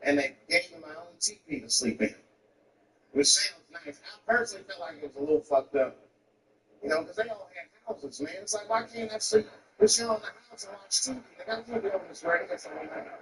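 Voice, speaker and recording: Dude doing standup, high animated voice, echoey room, kinda far from the mic. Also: male voice, a little fast. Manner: animated, profane storytelling with voices. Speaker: stand-up comedian. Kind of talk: stand-up comedy routine. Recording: distant, roomy live recording.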